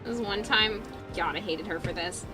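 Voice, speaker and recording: A woman's voice: medium pitch, normal speed. Swearing woman streamer chatting over music. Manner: swears freely, storytelling, laughs often. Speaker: livestreamer. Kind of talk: casual chat while working on cosplay. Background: music playing.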